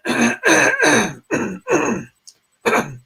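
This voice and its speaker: A man hosting a psychic live stream with a hoarse voice that keeps going out, chatting to viewers and leading a guided meditation. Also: extremely high pitch, wildly swooping pitch, drawn-out words, bright, forceful tone. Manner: speaks straight to viewers, frequent throat clearing. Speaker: psychic medium host.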